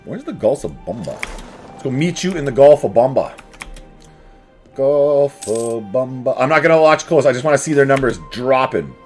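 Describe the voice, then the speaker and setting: A man's voice: mid-range voice, darkish tone. A man giving casual, jokey commentary while playing a strategy game, chatting to his units as he goes. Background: faint game music.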